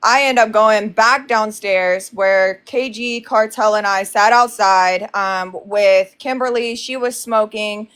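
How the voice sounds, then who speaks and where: A woman's voice: medium pitch, steady tone, slow, hardly any pauses, fairly bright tone, smooth. A woman casually recounting a heated fight with many fillers and restarts. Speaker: guest telling her side.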